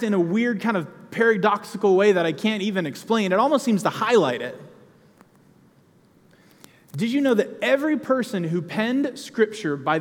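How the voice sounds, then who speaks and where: A man delivers a sermon in a chatty, personal way, now and then breaking into emphatic bursts. His voice sits high for a man. The sound carries the long reverb of a large hall. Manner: conversational preaching with emphatic outbursts. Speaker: preacher.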